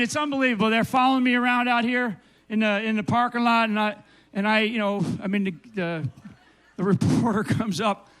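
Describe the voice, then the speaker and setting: A man's voice: very high voice, fairly bright tone. An older man giving an emphatic, repetitive speech to a live audience, often asking "right?". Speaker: speaker at a public event.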